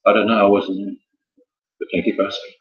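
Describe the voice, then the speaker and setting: A man's voice: fairly low pitch, flat delivery, quick pace. A man hosting a casual quiz, joking and wandering off into chatty asides. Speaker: quiz host. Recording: echoey, muffled room sound.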